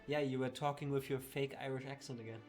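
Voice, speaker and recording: A man's voice: medium pitch, steady tone, fast talker, darkish tone. A man teasing a friend with dry sarcasm as she plays a video game on stream. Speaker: co-host watching the player. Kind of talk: casual game stream chat. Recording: game music in the background. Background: game music.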